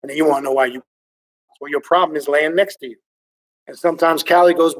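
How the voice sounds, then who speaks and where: A man hosting a livestream, reading viewer comments and ranting in an excitable, animated, profane way. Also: a little high, fast, long pauses, distant mic, poor audio. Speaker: occult channel host reading viewer comments.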